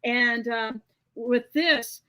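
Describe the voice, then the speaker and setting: High-voiced chatty woman comedian. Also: drawn-out words, pushed and bright, low-quality recording. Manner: chatty, storytelling with frequent restarts. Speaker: comedian guest. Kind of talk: casual joke workshop chat.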